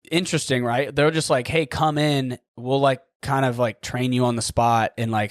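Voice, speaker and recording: A man's voice: lowish voice, no room sound, clean studio sound. A young man hosting a podcast, telling a story in a rambling casual way, full of "like" and casual swearing. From United States. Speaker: podcast host.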